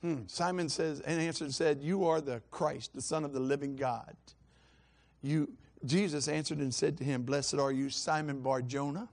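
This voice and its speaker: A male preacher giving a sermon, shifting from easy storytelling with repeated words to loud, fervent proclamation. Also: a little high, steady tone, a little slow. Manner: builds from conversational storytelling to shouting fervor; repeats and restarts words while telling stories.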